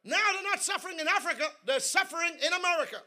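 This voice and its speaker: High, bright-voiced man preaching. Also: very fast. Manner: call-and-response, builds to shouting; humorous storytelling asides. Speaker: guest preacher. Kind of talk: sermon. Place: church service.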